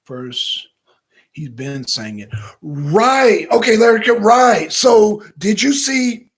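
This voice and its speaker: A man hosting a political talk livestream, animated and repetitive, calling out viewers in the chat. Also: high-pitched, slow pace, slightly rough. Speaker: talk show host.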